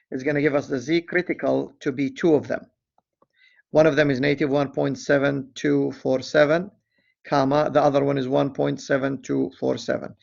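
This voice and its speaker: A man's voice: mid-range voice, gravelly, muffled recording. A man teaching a statistics lesson in a screen-recorded walkthrough, reading the problem aloud and correcting himself as he goes. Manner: deliberate, reads problem aloud, self-correcting asides.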